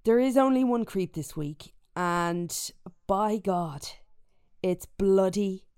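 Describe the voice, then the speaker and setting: A woman hosts a podcast in a casual chat, joking and laughing easily. Her voice is smooth and clear, recorded dry and close, over a remote call from a rented holiday home. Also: mid-range voice, expressive, takes it slowly, a little mellow, no room sound. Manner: chatty, laughs often, jokey. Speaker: podcast host.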